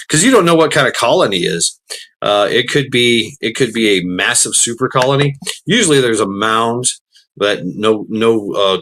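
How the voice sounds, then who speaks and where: A man's voice: lowish voice, fairly bright tone. A man chatting casually while gaming, rambling with many restarts and fillers, swearing freely.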